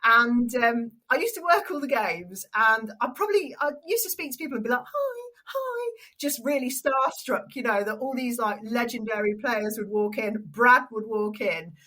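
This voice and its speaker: A young adult woman with an English accent, a stadium announcer and radio presenter telling an animated story in an interview. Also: on the high side, normal speed, few pauses, low-quality recording. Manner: animated storyteller, acts out quoted voices.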